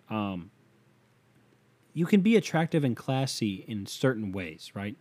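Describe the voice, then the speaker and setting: A man's voice: on the low side, sing-song, a little slow, long pauses, a little mellow. A man in his twenties hosting a casual podcast, reading a listener's letter and giving advice in a rambling, profane, joking way. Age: 20s. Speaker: podcast host.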